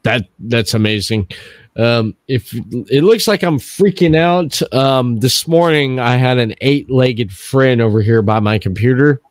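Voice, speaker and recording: A middle-aged man hosting a podcast, telling stories in a casual, animated way. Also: mid-range voice, measured pace, no room sound. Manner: animated storyteller. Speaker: podcast host.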